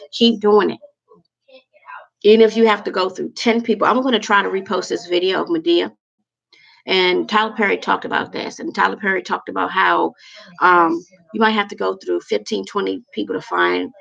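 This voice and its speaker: A woman's voice: mid-range voice, vocal fry, a bit bright. A woman hosting a livestream, giving heartfelt, preachy advice to her viewers in a casual talk. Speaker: livestream host. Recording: dull lo-fi recording.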